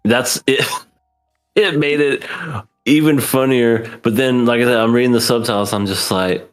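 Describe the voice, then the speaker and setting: In a casual anime review chat, this male co-host laughs frequently and voices characters' lines. His smooth mid-range voice is a little slow with fairly even intonation, and soft background music plays.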